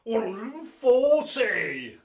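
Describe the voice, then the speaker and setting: A man putting on the voice of a booming darts match caller, drawing out and bellowing the scores. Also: very animated, exaggerated voice. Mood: drawn-out announcing. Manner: long drawn-out bellowing score calls.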